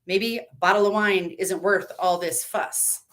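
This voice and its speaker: A woman reading a live story, voicing a judgmental woman in a checkout line with brisk, condescending talk. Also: mid-range voice, fairly even intonation, fairly bright tone, natural voice.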